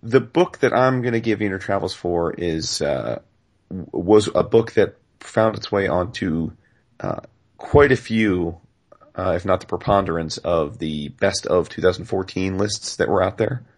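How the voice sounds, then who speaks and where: A man with a low voice recommends a book on a casual podcast. He takes his time and winds around his point with fillers. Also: unhurried. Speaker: podcast co-host. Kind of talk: casual comics podcast chat.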